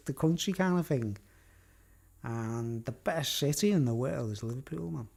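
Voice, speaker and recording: A vlogger with a Scouse accent rambles through a live-stream monologue, laughing often and repeatedly asking "you know what I mean?". His voice is mid-range and darkish in tone.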